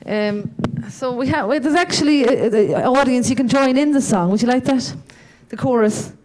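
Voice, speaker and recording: A woman's voice: high-pitched, normal speed, background noise. Irish woman doing rambling stand-up. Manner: rambling, self-deprecating, dark humour. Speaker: stand-up comedian. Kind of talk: stand-up comedy set. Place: live stage at a comedy night.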